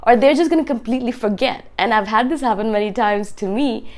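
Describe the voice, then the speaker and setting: Raspy-voiced woman with a cold. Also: a little high, fast talker. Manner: chatty, keeps asking "right?". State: hoarse with a cold. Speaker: video host. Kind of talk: casual talk to camera.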